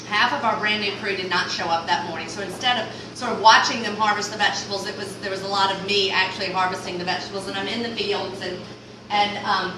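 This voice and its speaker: A woman with a Mississippi Southern accent telling a comic story in a casual, animated drawl, with sudden loud exclamations when she quotes herself. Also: mid-range voice. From Mississippi Delta. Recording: roomy, distant mic, clear background noise.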